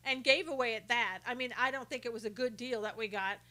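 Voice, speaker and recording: A woman's voice: fairly high pitch, fairly quick, pushed and bright. A woman hosting a casual live stream who greets viewers by name, reads their comments aloud and talks indignantly about rude reporters.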